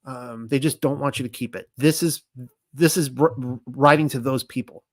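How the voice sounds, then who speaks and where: A man giving an informal Bible teaching, reading scripture aloud and commenting on it in an excitable way. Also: medium pitch, normal speed, no echo.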